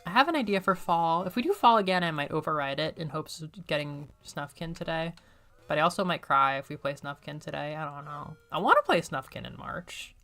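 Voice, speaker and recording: A woman streamer chatting casually and excitably while she plays a video game, often joking at her own expense. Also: low-pitched, brisk, faint music behind. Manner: chatty, excitable, self-deprecating. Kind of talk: casual gameplay commentary.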